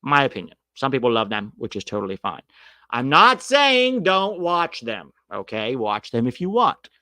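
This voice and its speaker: A man hosts a casual soccer chat show, ranting bluntly and sarcastically and swearing freely. His voice sits at an ordinary pitch, recorded close and dry with no room sound. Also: huge pitch swings, normal speed, pushed and bright, no room sound. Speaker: soccer podcast host reading live chat.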